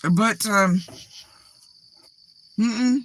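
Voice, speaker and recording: A woman's voice: mid-range voice, extremely slow. A woman host giving rambling, profane reaction commentary in a casual chat style. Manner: rambling, profane, drawling asides.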